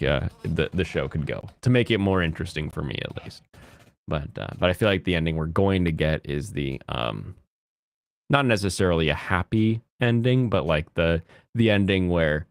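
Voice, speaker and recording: A man in his thirties chats on his stream in a loose, rambling way, giggling often. His voice sits on the low side, and the sound is dry and close. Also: gravelly, no echo. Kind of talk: casual chat.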